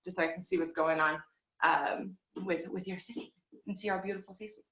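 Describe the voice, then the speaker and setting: Relaxed woman teaching voice over video call. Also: on the low side, brisk. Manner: relaxed, encouraging, demonstrates with hums and slides. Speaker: vocal teacher. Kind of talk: online group voice lesson. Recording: dull, echoey room sound.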